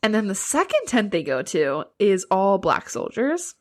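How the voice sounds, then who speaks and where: A woman's voice: medium pitch, big pitch swings, measured pace. A young woman co-hosting a podcast, giving a chatty, casual book recap with lots of "like" and frequent laughs. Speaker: podcast co-host.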